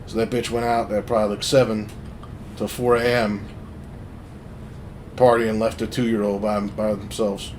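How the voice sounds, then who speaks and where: A man's voice: fairly low pitch, flat delivery, normal speed, long pauses, darkish tone, a little hiss or hum. A man telling a story in loose, profane casual chat, full of fillers.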